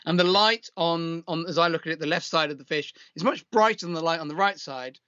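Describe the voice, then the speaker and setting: Bright-voiced man, dull lo-fi audio. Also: a little high, clear, resonant tone, no room sound. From United Kingdom. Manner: measured, critical. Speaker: co-host. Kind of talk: casual chat reviewing photos. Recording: dull lo-fi sound.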